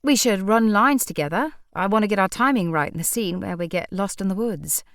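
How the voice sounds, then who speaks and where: A woman voicing a playful young male actor who puts on a mock Welsh accent and talks loud and jokey, in an audiobook. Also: medium pitch, lively intonation, a little fast, no room sound, clean studio sound, lightly acted. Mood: eager.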